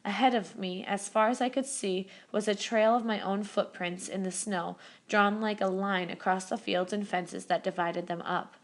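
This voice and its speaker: A woman reading a novel aloud as first-person narration, steady, with small self-corrections. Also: medium pitch, moderate pace, few pauses. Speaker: reader. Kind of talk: audiobook narration.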